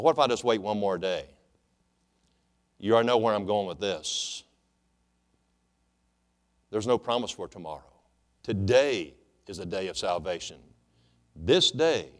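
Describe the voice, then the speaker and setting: A male pastor preaching a sermon in an animated way, swinging between loud exclamations and hushed asides. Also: on the low side. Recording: long hall reverb.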